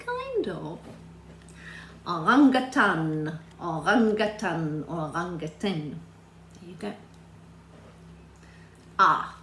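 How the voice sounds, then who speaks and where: A woman telling a story lesson to young children, animated and sing-song, often quizzing her listeners. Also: medium pitch, roomy sound, slight background noise, rough recording. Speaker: children's religious teacher.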